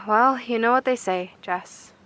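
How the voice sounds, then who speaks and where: A woman's voice: on the high side, slow, sharp tone, no room sound. A woman playing a weary, shaken bunker engineer in a horror audio drama.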